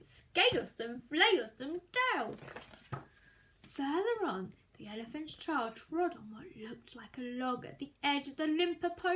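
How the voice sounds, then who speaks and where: Rich: A woman reading a children's story aloud with expressive delivery, pausing to explain words for young listeners. Her voice sits very high and moves in a lively way at an unhurried pace. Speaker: storytime reader.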